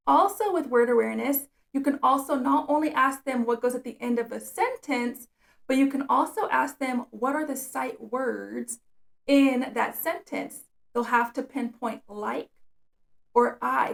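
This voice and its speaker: A woman's voice: fairly high pitch, vocal fry. A woman special education teacher explaining reading activities step by step in a patient instructional video.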